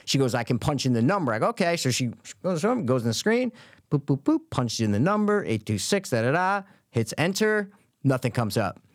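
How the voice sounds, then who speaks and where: A man's voice: medium pitch, fairly quick, dry recording, clean studio sound. A man co-hosting a podcast, telling a story in casual chat, acting out the voices of the people in it and swearing freely. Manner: animated storyteller, acts out voices, swears a lot. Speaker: podcast co-host.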